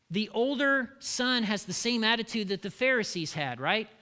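A man's voice: high voice, expressive, moderate pace, hardly any pauses, sharp tone, smooth, in a large hall. A male pastor preaching a sermon, engaging the congregation with rhetorical questions.

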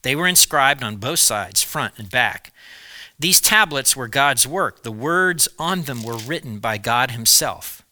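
A man preaching, retelling a Bible story in a lively storytelling way with small asides. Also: medium pitch, unhurried.

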